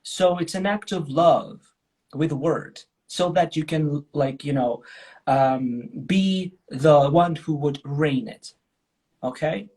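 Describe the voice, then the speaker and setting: A man's voice: fairly high pitch, takes it slowly, darkish tone. A man hosting a language-teaching chat, enthusiastic and jokey, often asking "right?". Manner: enthusiastic, jokey, frequent "right?" and "you know". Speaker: host. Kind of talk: podcast interview chat.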